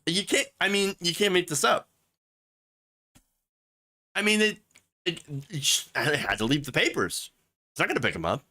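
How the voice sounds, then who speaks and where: Man, political commentary host, sarcastic and mocking, animated pitch, bright edge. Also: normal speed, long pauses. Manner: mocking, with exaggerated mimicking voices.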